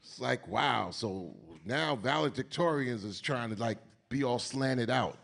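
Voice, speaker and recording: A man from New York with a New York accent, speaking at an onstage keynote conversation in a lively, preachy way, full of street slang and swearing. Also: mid-range voice, measured pace, vocal fry. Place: event stage before an audience.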